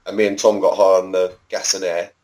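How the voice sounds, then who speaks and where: A guest in his thirties with a fairly low voice, telling a rambling story on a podcast. He swears casually and jumps into quick impressions of the people in his story. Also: little pitch movement, a little mellow, low-quality recording. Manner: chatty, swears freely, acts out voices. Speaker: podcast guest, former backyard wrestler.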